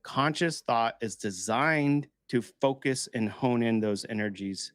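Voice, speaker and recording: A man's voice: mid-range voice, a little slow, dry recording, studio quality. A man hosting a podcast, talking casually and telling stories with swearing and acted-out quoted voices. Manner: animated storyteller who acts out quoted voices and swears freely. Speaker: podcast host. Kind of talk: casual conversational talk.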